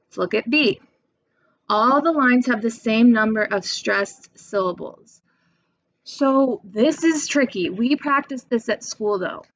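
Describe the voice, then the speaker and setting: A woman's voice: fairly high pitch, slow, no echo. A young adult woman teacher giving a recorded lesson, patiently reading verse aloud and counting out its stressed syllables. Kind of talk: recorded remote lesson for students. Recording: dull lo-fi home recording.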